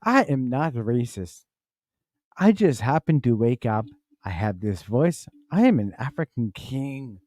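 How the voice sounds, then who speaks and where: A man doing a comic bit as a fellow who woke up with a strange, stiff, overly formal voice, speaking slowly and pronouncing every word. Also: fairly high pitch, dark tone, smooth, no room sound, clean studio sound, voice pushed up, lightly acted.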